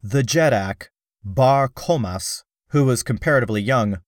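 A man narrating an adventure story in the first person, in a measured, dramatic reading. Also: mid-range voice, no echo, studio quality. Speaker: audiobook narrator.

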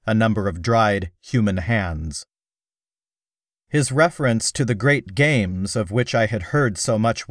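A man narrating an adventure story in the first person, in a measured, dramatic reading. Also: medium pitch, dry recording, studio quality. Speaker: audiobook narrator.

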